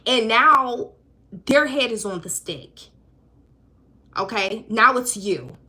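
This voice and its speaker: A woman's voice: on the high side, animated, slow, sharp tone. A woman giving a live-streamed spiritual reading, talking in an emphatic, profane, conversational way. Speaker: intuitive card reader.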